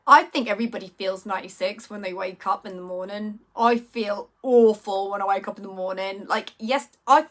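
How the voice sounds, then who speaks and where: A woman's voice: medium pitch, fairly even intonation, a little fast, few pauses. A woman, chatting casually on a live stream and reading out viewers' comments. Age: 40s. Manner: chatty, rambling, warmly reacting to viewers' messages.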